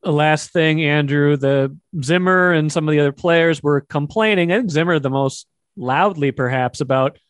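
Hosting a sports talk show, a man puts questions to his guest and then reads statistics aloud in a plain, steady way. His voice is a little high, and the studio-quality recording has no echo.

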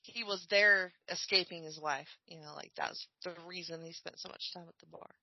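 A woman's voice: fairly low pitch, a little fast, no room sound, lo-fi sound. A woman hosting a podcast in casual chat, joking and laughing easily. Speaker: podcast host.

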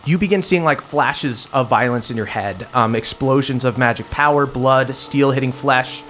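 A man's voice: mid-range voice, normal speed, a bit bright, a little hiss or hum. A man narrating as game master in a tabletop game, describing scenes casually with lots of fillers.

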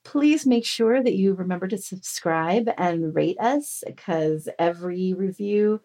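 A woman's voice: on the low side, a little slow, dark tone. A woman co-hosting a casual podcast, talking in an enthusiastic, rambling way. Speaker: podcast co-host.

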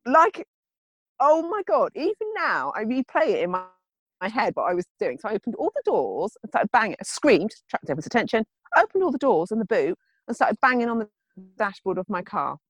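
A woman in casual chat, telling a funny story with lively acted-out quotes. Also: on the high side, a little fast, dry recording. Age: adult. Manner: animated storytelling, acting out quotes.

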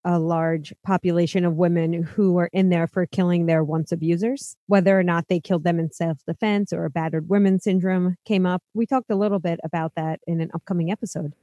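Woman podcast co-host, easygoing, laughs easily, mid pitch, dry sound. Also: steady tone, a little fast, hardly any pauses, dark tone, no echo, lo-fi sound. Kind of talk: casual podcast chat.

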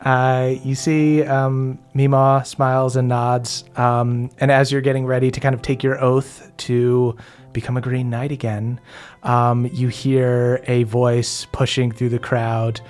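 A playful game master narrating a tabletop session, filling pauses with ums. Faint music plays underneath in a mid register voice. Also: medium pitch, level tone, a little mellow. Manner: lots of ums, playful, laughs easily.

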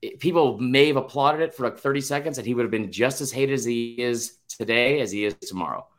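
A man's voice: mid-range voice, a little fast, a bit bright. A young man co-hosting a casual sports podcast, talking in long rambling runs with frequent restarts, fillers and swearing. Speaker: podcast co-host.

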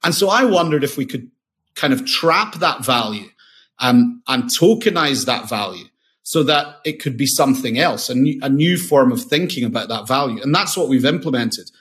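Enthusiastic man, mid-pitched. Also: animated, normal speed, a bit bright. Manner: enthusiastic, restarts and repeats words often. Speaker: founder and CEO, podcast guest. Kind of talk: casual interview talk.

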